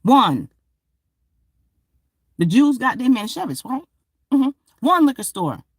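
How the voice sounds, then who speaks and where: A woman, from Georgia, holds forth in a loose, profane vlog monologue. Her pitch jumps around in a lively way as she rambles from point to point. The sound is close and dry, with no room echo. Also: takes it slowly, slightly rough. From Georgia, USA. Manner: animated, profane, rambling storytelling. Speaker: vlogger. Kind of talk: casual monologue to camera.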